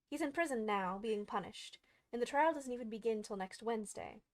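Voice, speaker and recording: A woman voicing a flustered, kindly queen with a fussy, wailing manner, a little higher than her own voice. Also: animated, a little fast, no echo. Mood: careless.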